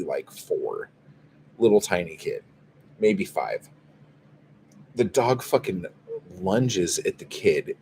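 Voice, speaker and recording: A man with a low, darkish voice hosts a casual livestream, reading viewer comments and telling a story in a profane, exasperated way. A little hiss or hum runs under the audio.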